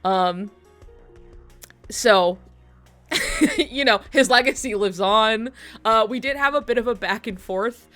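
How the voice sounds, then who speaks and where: A woman's voice: a little high, animated, takes it slowly, pauses often, a bit bright, soft background music. A woman streamer telling a long story to her chat in a rambling way, laughing often and swearing freely.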